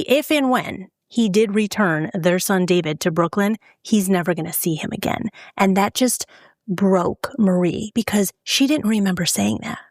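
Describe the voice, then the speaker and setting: A woman's voice: mid-range voice, no room sound. Woman telling a true crime story, dry. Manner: conversational, animated when quoting people. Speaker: true crime podcast host.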